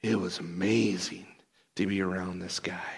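A man plays an excitable fisherman apostle who talks like a laid-back dude, tripping over his words in his hurry to tell the next tale. His voice is bright and forward, with a gravelly fry at the ends of phrases. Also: medium pitch, unhurried. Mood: excited storytelling. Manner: slangy, animated storyteller, stammering restarts. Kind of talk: first-person character monologue.

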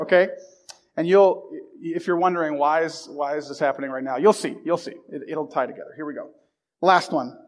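High-voiced man chatting to a room. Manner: chatty and self-deprecating, with many restarts. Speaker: speaker addressing a group. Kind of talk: casual talk to a live audience. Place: room with a live audience.

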